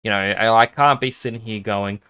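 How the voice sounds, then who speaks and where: A man's voice: on the low side, steady tone, moderate pace, pushed and bright, smooth. A man streaming a game, chatting casually, rambling and self-conscious, sometimes dropping to a whisper while testing his microphone.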